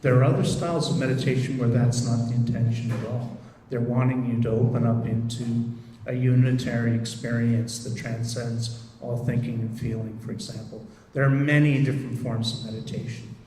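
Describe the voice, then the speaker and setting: A man who leads meditation groups, giving a gentle, reflective talk with many pauses and fillers. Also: mid-range voice, fairly even intonation, a little hiss or hum. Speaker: meditation group leader and therapist. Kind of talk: recorded presentation. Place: lecture room. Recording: echoey hall, distant mic.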